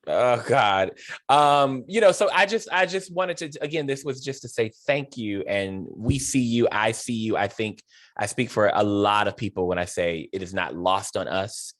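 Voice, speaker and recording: Low-voiced man hosting, gushing. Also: moderate pace, a bit bright, no room sound, clean studio sound. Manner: effusive, emotional, many fillers and restarts. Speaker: host. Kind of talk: warm video-call interview.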